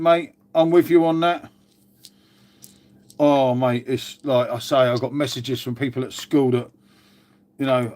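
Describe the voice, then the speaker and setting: A man hosting a casual live chat to viewers, glum and sweary, calling everyone mate. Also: mid-range voice. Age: older. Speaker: channel host.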